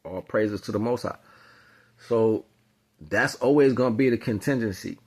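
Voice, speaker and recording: A man giving a casual spiritual monologue, talking in loose slang and rambling off into animated storytelling. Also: fairly low pitch, normal speed. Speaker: spiritual commentator.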